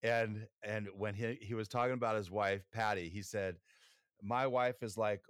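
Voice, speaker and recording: Relaxed joking male podcast co-host. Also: on the low side, normal speed, dry recording, clean studio sound. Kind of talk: casual podcast chat.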